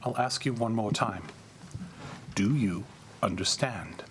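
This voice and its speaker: A man's voice: fairly low pitch, slight background noise. A man playing a cold, menacing vampire prince. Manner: slow, measured, quietly threatening.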